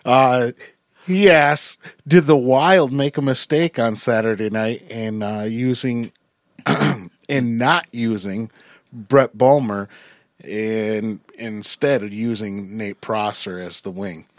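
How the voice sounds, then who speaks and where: A man's voice: mid-range voice, steady tone, slow pace, dry recording, studio quality. A man hosting a casual hockey podcast, chatty, with frequent laughs and fillers. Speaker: podcast host. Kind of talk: casual sports podcast chat.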